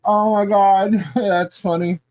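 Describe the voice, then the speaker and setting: A woman's voice: mid-range voice, steady tone, slow pace, a little mellow, no room sound. A woman co-hosting a casual podcast who laughs often and is easily amused. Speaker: podcast co-host.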